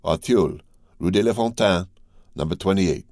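A man reading a cold, commanding count, deep. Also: a little mellow, no room sound, studio quality, close to an everyday voice. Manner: commanding, measured. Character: imperious older male count, cold master.

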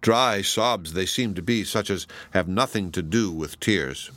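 A man narrates a classic novel in a measured, deliberate reading. His voice sits low. The sound is dry and close, with no room around it. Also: a bit bright, dry recording. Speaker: audiobook reader. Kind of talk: scripted narration.

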